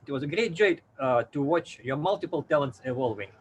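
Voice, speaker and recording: A man, giving an earnest family speech as a father, halting and repeating words now and then. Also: on the high side, expressive, slight background noise, poor audio. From Soviet Union. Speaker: father of the celebrant.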